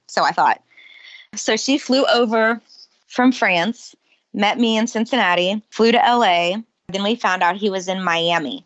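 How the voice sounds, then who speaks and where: A woman telling personal stories as a guest in a casual interview, lively and often laughing. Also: mid-range voice, unhurried, no echo, highs cut off.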